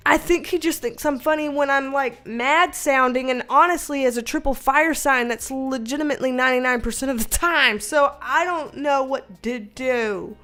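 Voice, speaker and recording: Young woman chatting on her stream, high voice, laughs a lot, cusses casually. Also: moderate pace, hardly any pauses, pushed and bright, faint music behind. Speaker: livestream host reading chat. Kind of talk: casual chat.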